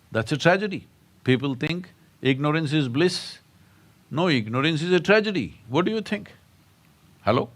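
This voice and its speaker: A man giving a satsang talk as a spiritual teacher, telling stories and prodding his listeners with rhetorical questions. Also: on the high side. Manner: storytelling with jokes.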